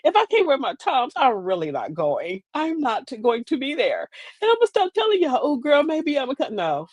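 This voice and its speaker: Lively, animated woman in her forties. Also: high-pitched, moderate pace. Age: 40s. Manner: animated, talks to viewers, acts out quoted voices. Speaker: livestream host. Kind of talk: casual livestream monologue.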